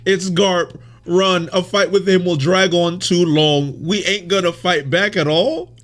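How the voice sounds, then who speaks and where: A man's voice: high voice, fairly even intonation, a bit bright. A man reading aloud the lines of a tough, boisterous old male marine hero from a comic. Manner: read aloud from a comic, brisk.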